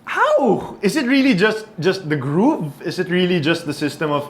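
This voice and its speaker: Animated Filipino man in sports banter. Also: high-pitched, moderate pace. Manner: animated, repeats words while thinking, mixes in Tagalog. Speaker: podcast co-host. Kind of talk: casual sports talk.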